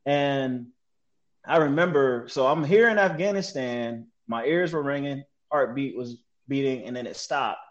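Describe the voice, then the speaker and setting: A man telling a story as a guest in an interview, animated and slangy, mimicking sounds as he relives events. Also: mid-range voice, a little slow, muffled recording. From United States. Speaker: guest, military veteran.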